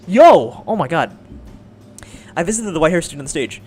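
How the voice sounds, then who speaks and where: A young man hosting a let's play, reading a visual novel aloud and breaking in with excited jokes. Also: fairly high pitch, fairly quick, husky, soft background music. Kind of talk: casual gameplay narration.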